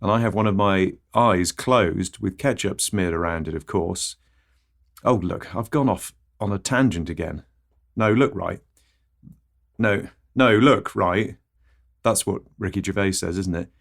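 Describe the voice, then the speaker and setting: A middle-aged man hosting a comedy podcast, delivering a rambling, deadpan absurdist monologue that keeps interrupting itself. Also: low voice, moderate pace, creaky.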